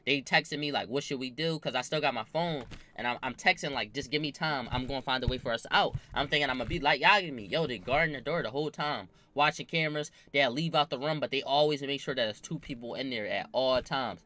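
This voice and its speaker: A man's voice: mid-range voice, quick pace, hardly any pauses, a little hiss or hum. A young man telling a story in casual slang, acting out the voices of the people in it. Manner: animated, acts out quoted voices, slangy.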